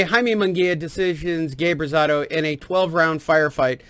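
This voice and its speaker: A man from East Los Angeles hosting a boxing podcast, joking and telling animated stories in casual chat. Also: fairly high pitch, moderate pace, hardly any pauses, clean tone, no room sound. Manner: loud, joking, animated storytelling. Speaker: podcast host.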